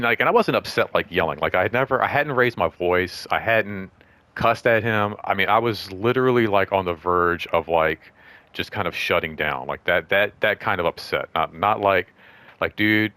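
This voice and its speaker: A man's voice: deep voice, normal speed, pushed and bright, no echo. Rambling man telling a work story. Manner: rambling, full of "like" and restarts, acts out both sides of conversations. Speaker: show host. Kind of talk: casual storytelling monologue.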